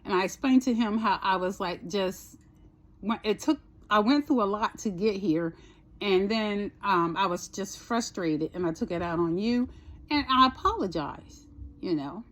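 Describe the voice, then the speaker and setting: A woman's voice: medium pitch, lively intonation, a little slow, a bit bright. A woman vlogger casually telling a personal story, chatty, swearing a little and asking "right?" often.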